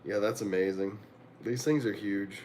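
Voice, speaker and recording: A man's voice: lowish voice, steady tone, moderate pace, a little mellow. Male streamer, casual rambling home chat, swears, laughs a lot, faint background hum. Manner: rambling, profane, laughs often. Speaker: livestream host. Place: home room.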